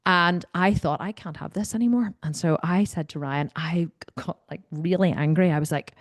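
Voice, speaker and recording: A woman's voice: fairly low pitch, moderate pace, dry recording, clean studio sound. A woman hosting a live video Q&A, telling a story in a candid, blunt way and swearing freely. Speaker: host. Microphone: video call mic.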